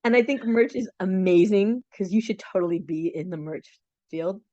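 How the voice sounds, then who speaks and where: A woman's voice: mid-range voice, normal speed, warm tone, dry recording, dull audio. A woman co-hosting a podcast in casual chat over a video call, enthusiastic and laughing often. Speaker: podcast co-host.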